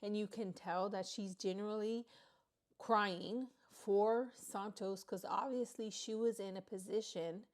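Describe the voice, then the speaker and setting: A woman's voice: mid-range voice, a little slow. Woman giving candid commentary. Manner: candid, explaining her take in a steady talk. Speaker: commentary channel host. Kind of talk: casual commentary.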